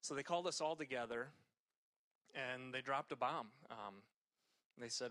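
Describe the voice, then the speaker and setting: A man's voice: medium pitch, normal speed, long pauses, bright, forceful tone. A man preaching a sermon in a conversational way, telling a personal story with frequent fillers and restarts.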